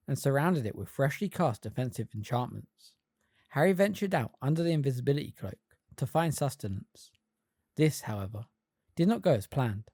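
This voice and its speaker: A fan reader narrating an audiobook with expressive storytelling. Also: medium pitch, no room sound, studio quality. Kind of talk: scripted narration.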